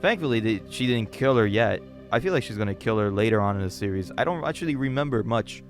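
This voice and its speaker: A man's voice: lowish voice, expressive, fast. A young man recapping a manga and reacting casually, full of fillers and jokes. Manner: casual, filler-heavy, joking. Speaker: manga reader and reviewer. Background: faint music.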